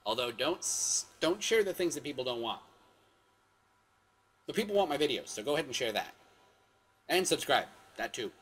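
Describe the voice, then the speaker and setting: A man's voice: medium pitch, very animated, normal speed, pauses often, fairly bright tone, slightly rough. A man hosting his own video show, telling stories in a rambling, self-correcting way with sudden exclamations. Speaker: vlog host. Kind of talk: casual storytelling monologue.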